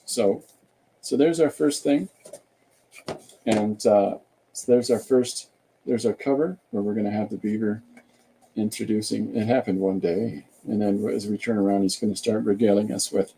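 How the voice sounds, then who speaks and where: An older man chats casually as host of a live stream, wandering from thought to thought with plenty of hesitations. His voice is gravelly, very dark and a little husky. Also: lowish voice. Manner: rambling, hesitant, full of filler sounds. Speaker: podcast host. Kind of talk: casual livestream chat.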